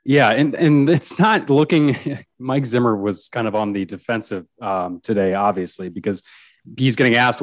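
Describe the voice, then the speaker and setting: A man's voice: medium pitch, normal speed, no echo. A man who is a sports reporter, chatting casually about football as a guest, with frequent restarts and chuckles.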